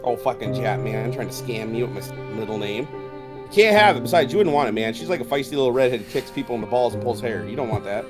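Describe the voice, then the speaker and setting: A man's voice: medium pitch, animated, quick pace, over music. A middle-aged man on a casual livestream, telling stories in a loose, profane way and laughing often. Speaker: streamer co-host.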